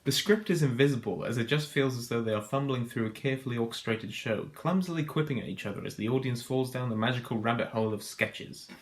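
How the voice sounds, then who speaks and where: A man narrates a scripted video analysis with a dry, mock-grand deadpan. His voice sits at an everyday middle pitch. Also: fast, hardly any pauses. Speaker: video host.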